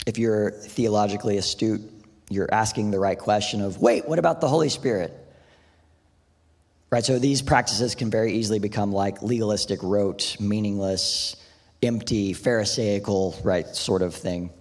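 Husky-voiced man preaching in a reverberant hall. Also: lowish voice, steady tone, normal speed. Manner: conversational, lots of "like" and "right?". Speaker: pastor. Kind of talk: sermon.

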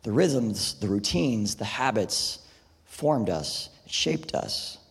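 Preaching casually and conversationally, a pastor peppers his sermon with "like" and "right?". His voice is on the low side, expressive and slightly rough with vocal fry, and he speaks at a slow pace, with long hall reverb in the recording.

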